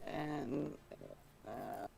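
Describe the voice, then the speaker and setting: Male guest, warped voice-changer voice, gravelly, loopy and unhurried. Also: very noisy. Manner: giggly, joking, drawn-out. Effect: voice changer, low-quality radio sound. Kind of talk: playful casual chat. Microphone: desk microphone through a voice changer.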